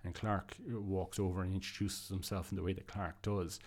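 A man's voice: sits low, little pitch movement, moderate pace. A man giving a casual, enthusiastic comic book review, rambling and restarting his sentences. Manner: rambling, with frequent restarts and fillers. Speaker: podcast host reviewing comics.

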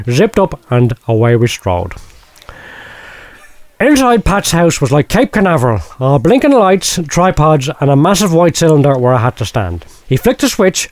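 A man's voice: a little high, darkish tone, no echo, pitched below the performer's own voice. A man putting on a rambling oddball. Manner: rambling, breathless storytelling, dialect-heavy. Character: rambling lecherous oddball Irish man, unhinged. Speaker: podcast host reading a listener letter. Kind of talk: comic letter reading in character.

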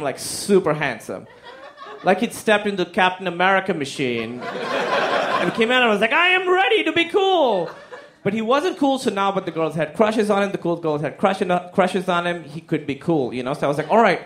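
A man telling a stand-up comedy story, animated and profane, acting out the people in it with silly voices. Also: high-pitched, normal speed. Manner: animated, acts out quotes in silly voices, swears freely.

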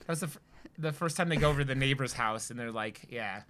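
Bright-voiced casual male podcaster. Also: mid-range voice, fast talker. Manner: rambling, swears freely, many fillers. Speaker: podcast co-host. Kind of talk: casual chat.

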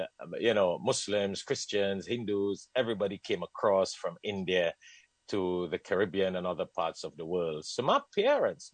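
A man from Trinidad whose accent blends Trinidadian, British and American, telling his life story as a guest in an animated way, often laughing and repeating phrases. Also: low voice, no room sound, poor audio. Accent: Trinidadian mixed with British and American. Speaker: guest, Muslim scholar. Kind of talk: conversational storytelling.

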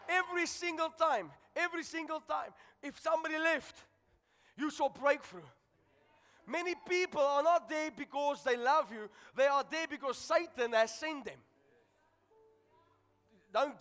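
A man preaching with a very high, bright voice, shouting and fervent as he repeats his lines. He is in a large church hall, and the long reverb rings out behind every phrase. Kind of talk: sermon.

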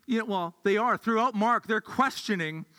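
Male pastor, high-pitched, bright voice; chatty sermon with restarts in a reverberant hall. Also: normal speed. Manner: conversational, thinks aloud with restarts.

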